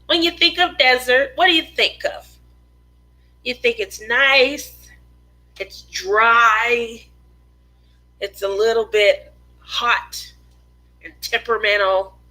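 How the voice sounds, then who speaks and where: A woman hosts a relaxed craft livestream from home, talking slowly and easily as she reads out viewer comments. Her voice sits a little high and sounds bright and forward. She laughs often between remarks. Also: poor audio. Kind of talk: casual livestream chat reading comments. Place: home in the desert.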